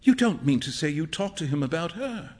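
A man voicing an earnest, easily flustered young gentleman in a storybook reading, speaking ruefully. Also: a little high, big pitch swings, fairly quick.

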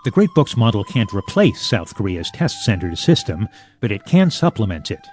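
A man's voice: fairly low pitch, big pitch swings, moderate pace, darkish tone, slight background noise. A man delivering a radio news report as a foreign correspondent.

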